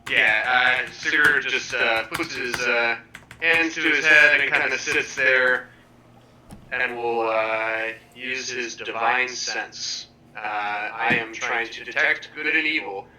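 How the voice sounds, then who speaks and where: A man playing a tabletop game, describing his character's actions haltingly with many fillers. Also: mid-range voice, pushed and bright, a little hiss or hum, low-quality recording. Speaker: player. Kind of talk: casual tabletop role-play.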